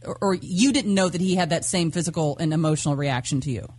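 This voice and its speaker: A woman's voice: on the low side, fast talker, darkish tone. A woman co-hosting a call-in radio show, reacting with gasps, laughs and dramatic exclamations. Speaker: radio co-host. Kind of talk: bantering call-in radio talk.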